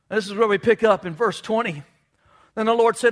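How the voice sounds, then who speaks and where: A man's voice: high voice, fairly even intonation, fairly quick, fairly bright tone. A man preaching a sermon, fervent, with call-and-response asides to the congregation. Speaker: pastor.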